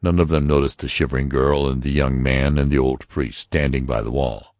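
Male audiobook narrator, very low voice, steady measured delivery, dry booth sound. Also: no room sound.

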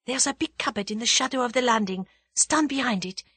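A woman reading aloud, voicing a quick-witted young maid who talks in hushed, urgent tones and breaks into shrill cries. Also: husky, no echo. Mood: brisk urgent.

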